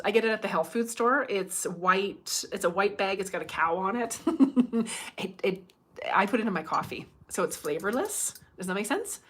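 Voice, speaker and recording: A chatty woman in her fifties, from Canada, talks straight to her livestream viewers. Her pitch sits in the usual middle range for a woman. She tells stories casually and acts out other people's lines in their voices. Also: a bit bright. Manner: chatty, acts out quoted people, laughs often. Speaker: medium and livestream host.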